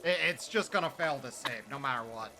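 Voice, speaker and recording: A man narrating a tabletop game as game master, chatty and quick to laugh, with many fillers. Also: mid-range voice, lively intonation, noisy background.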